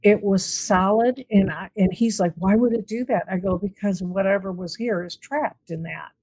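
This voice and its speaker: A woman's voice: mid-range voice, normal speed, slightly rough, no room sound, poor audio. A woman being interviewed as a guest who tells stories casually and brings them to life by acting out the dialogue. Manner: animated, acts out quoted dialogue. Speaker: guest, paranormal investigator.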